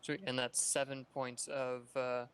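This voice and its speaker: Male player, smooth even voice, halting delivery. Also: medium pitch. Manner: hesitant, full of "uh"s. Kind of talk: casual tabletop play.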